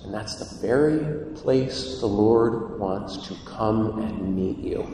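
A man preaches a sermon in a large church, his voice heard from some distance with a long, roomy reverb. His delivery is expressive, dropping soft and slow, then rising with emphasis. A faint ambience hangs behind him. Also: fairly low pitch, a little hiss or hum. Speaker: priest. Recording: echoey church hall, voice from a distance.

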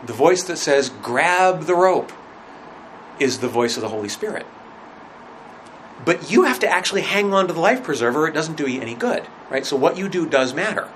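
A man teaching a religion class in a conversational lecture, asking rhetorical questions and often pausing with fillers. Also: on the high side, big pitch swings, fairly bright tone, a little hiss or hum, rough recording.

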